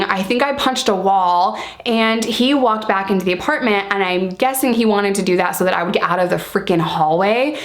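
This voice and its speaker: A woman in mid-range pitch tells a storytime straight to camera. Her talk is blunt and candid, full of casual swearing and asides to "you guys." She pushes her pace up and down to land the story. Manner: lively, speeds up and slows down for emphasis. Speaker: storytime vlogger.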